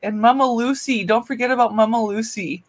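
A woman's voice: a little high, fairly quick. Chatty woman hosting a jewelry sale. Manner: chatty, laughs often, greets viewers by name. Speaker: live jewelry auction host. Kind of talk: casual live-stream selling chat.

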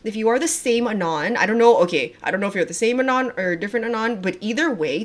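A young woman livestreaming a reaction, talking in a gushing, excitable way, swearing often and trailing off mid-sentence. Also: a little high, quick pace, hardly any pauses. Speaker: livestreamer reacting to music videos. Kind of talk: casual livestream chat.

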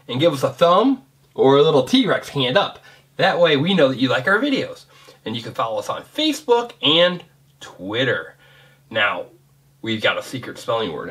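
A man's voice: on the high side, a bit bright. A middle-aged man narrating a kids' toy review, chatty and asking the viewer questions.

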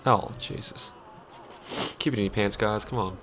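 A man's voice: lowish voice, steady tone, normal speed, a bit bright. A man giving jokey, sweary live gameplay commentary. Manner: sweary, jokey, reacting aloud.

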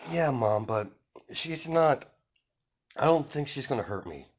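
A man's voice: medium pitch, lively intonation, measured pace, a little hiss or hum, pitched above the performer's own voice, lightly acted. A man voicing a brave, kind young woman who speaks earnestly and pleads.

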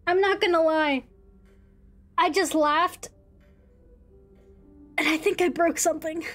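High-voiced giggly woman streamer. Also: steady tone, slow, a bit bright, soft background music. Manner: giggly, reactive, swearing, exclamatory. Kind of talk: live gaming commentary.

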